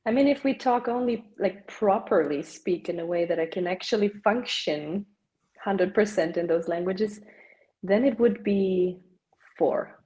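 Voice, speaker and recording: A woman's voice: medium pitch, unhurried, warm tone, low-quality recording. A young woman, chatting casually as a podcast guest and dropping "like" often. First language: German. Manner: chatty, peppers speech with "like". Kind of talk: casual chat.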